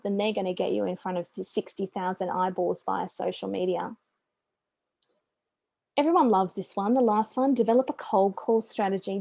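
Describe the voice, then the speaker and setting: Brief: Australian woman, middle-aged business coach, warm mellow voice, chatty and upbeat, dry close sound. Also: medium pitch, gravelly, dry recording. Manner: chatty and upbeat, with friendly asides. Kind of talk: business presentation.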